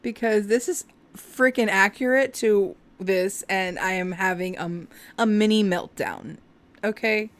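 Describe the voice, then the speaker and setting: A woman's voice: medium pitch, unhurried. A woman giving a casual tarot reading to camera, heartfelt and emotional as she talks straight to her viewers. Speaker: tarot reader.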